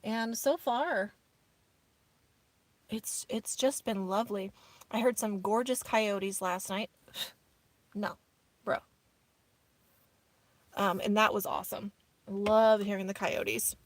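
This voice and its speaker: A woman's voice: medium pitch, steady tone, takes it slowly, long pauses, no room sound. A woman chatting casually on a live stream from her minivan, reading viewer comments aloud and calling them "y'all". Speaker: vlogger hosting a live stream. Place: inside her minivan, camping off grid outdoors.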